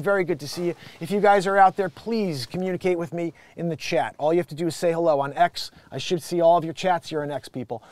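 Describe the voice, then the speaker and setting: Host, man, livestream; slightly high voice, dry close sound, rambling and animated. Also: no room sound. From Connecticut, USA. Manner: animated, rambling, frequent restarts. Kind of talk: casual live-stream monologue.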